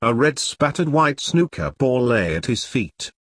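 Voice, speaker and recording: A man reading a dark comic story aloud in a wry, earthy storytelling manner. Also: mid-range voice, sing-song, unhurried, husky, no room sound, clean studio sound. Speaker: narrator. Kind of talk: scripted dark comic narration.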